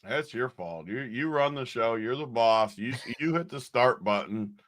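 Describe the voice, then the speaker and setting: A man's voice: mid-range voice, lively intonation, unhurried, a bit bright. A man co-hosting a casual sports betting show, ranting and bantering. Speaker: co-host.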